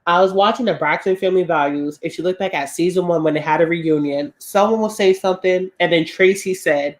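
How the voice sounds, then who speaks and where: A woman's voice: lowish voice, brisk, few pauses. A candid woman co-host with a Boston accent touched by a slight Southern drawl, chatting casually on a podcast. She tells stories freely and acts out the voices of the people in them. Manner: candid, animated storyteller acting out quoted voices. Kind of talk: casual chat.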